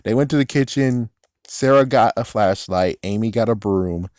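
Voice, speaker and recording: A man casually recapping and critiquing a TV episode, rambling with profane asides and quick laughs. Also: fairly low pitch, darkish tone, no room sound, studio quality. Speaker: episode reviewer.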